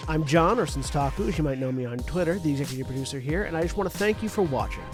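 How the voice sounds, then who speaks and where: Upbeat male game master with soft music. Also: on the high side, expressive, rapid-fire. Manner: upbeat, laughs easily. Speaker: game master and executive producer. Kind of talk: live-streamed tabletop game hosting.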